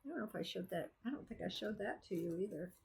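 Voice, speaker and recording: A craft vlogger chats casually about her cross stitch projects, rambling and thinking out loud as she goes. She talks fast in a medium-pitched, husky, creaky voice with lively intonation.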